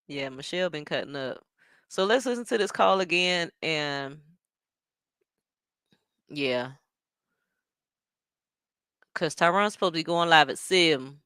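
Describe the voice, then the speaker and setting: A woman's voice: deep voice, animated, a little slow, pauses often, a bit bright, smooth, dry recording, clean studio sound. A woman hosting a watch party stream, reacting in casual commentary and talking straight to her viewers with laughs and asides.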